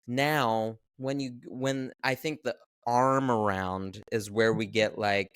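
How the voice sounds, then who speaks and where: Slow, thoughtful podcast co-host man. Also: lowish voice, fairly even intonation, fairly bright tone, smooth, no echo, studio quality. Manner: thoughtful, hesitant, restarts often. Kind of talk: casual chat recapping a film.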